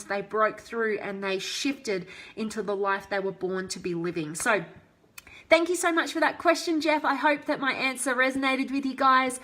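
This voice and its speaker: Woman host of a live inspirational stream, eager and sincere, slightly high register. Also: a bit bright. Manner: enthusiastic and heartfelt, reads out viewer comments. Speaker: host and motivational coach. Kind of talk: live-stream chat with viewers.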